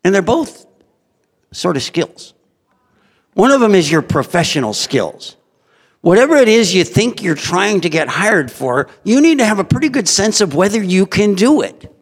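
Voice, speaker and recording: A man's voice: high-pitched, sing-song, moderate pace. A middle-aged man, an employer, giving a humorous, blunt talk to an audience, chuckling often as he jokes. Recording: long hall reverb.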